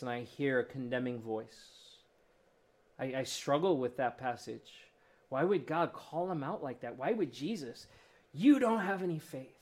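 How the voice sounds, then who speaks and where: Passionate pastor, man with a raised voice. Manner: preaches with rising intensity, then drops soft and low. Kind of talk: sermon.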